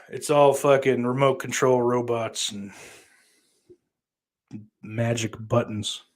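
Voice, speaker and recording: A man's voice: medium pitch, steady tone, slow pace. Rambling, profane male podcast host. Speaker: podcast host reading live chat. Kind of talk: casual livestream chat.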